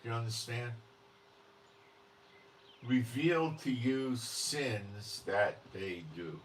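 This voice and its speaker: A man's voice: mid-range voice, expressive, very slow, recorded from a distance, slight background noise, poor audio. A man hosting religious commentary, talking in a blunt, emphatic, unscripted way and often checking in with the listener.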